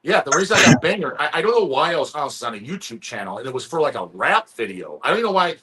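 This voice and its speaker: A man's voice: on the high side, big pitch swings, very fast, pushed and bright, slightly rough. A man hosting a casual live-stream chat, rambling and profane, often stumbling over restarts. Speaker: stream host.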